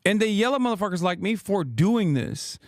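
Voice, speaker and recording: Man ranting angrily, high voice, dry. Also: expressive, a little fast, no echo. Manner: angry, profane, sarcastic, rhetorical questions. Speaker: streamer, political commentator. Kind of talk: ranting livestream commentary.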